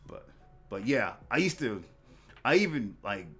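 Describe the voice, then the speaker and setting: A man hosting a casual interview podcast, talking in a halting way with repeated words and lots of fillers. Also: medium pitch, very animated, a bit bright, soft background music. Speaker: podcast host.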